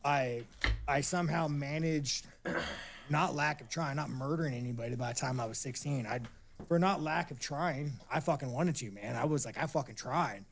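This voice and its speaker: Man, mid-pitched voice, interview guest, loose and profane storyteller. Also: moderate pace, vocal fry, a little hiss or hum. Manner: heavy swearing, rambling with many restarts. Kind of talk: casual storytelling.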